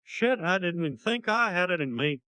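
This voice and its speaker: A plain-spoken middle-aged small-town father from a parody cartoon. He talks blunt and gruff, a bit high and bright. The sound is dry and close. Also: expressive, moderate pace, no room sound.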